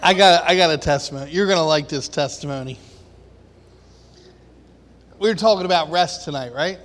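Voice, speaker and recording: A man's voice: fairly high pitch, moderate pace, a bit bright, slight background noise. A man in the congregation telling a chatty, casual testimony at a church service. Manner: chatty, laughs through his story. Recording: echoey hall with long reverb.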